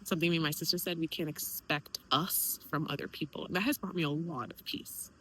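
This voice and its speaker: A young woman speaking candidly in a personal vlog, emotional and animated, quoting others in lively voices. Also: deep voice, fairly quick, a little hiss or hum, poor audio. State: tearful at times. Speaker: vlogger.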